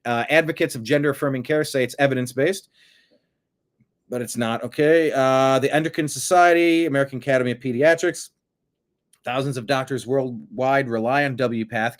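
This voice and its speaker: A man's voice: mid-range voice, steady tone, a little fast. A middle-aged man hosting an online political commentary show, blunt and sarcastic with rambling asides.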